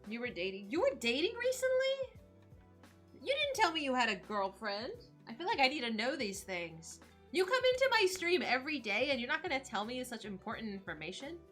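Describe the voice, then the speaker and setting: A woman in her thirties, a streamer chatting casually on a live stream and opening gifts in a bubbly, excitable way. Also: on the high side, fairly quick, faint music behind. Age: 30s.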